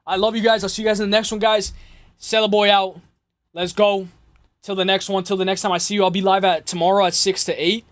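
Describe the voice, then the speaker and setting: Young guy streaming, high voice kinda worn out, rambling slangy chat, dry close mic. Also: flat delivery, quick pace, a bit bright, dry recording. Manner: rambling, slangy, repeats "guys" often. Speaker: livestream host. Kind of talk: casual livestream chat.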